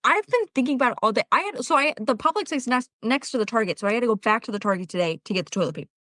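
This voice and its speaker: A woman co-hosting a podcast, telling stories in a casual chat, animated and laughing often. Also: a little high, racing, dry recording. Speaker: podcast co-host.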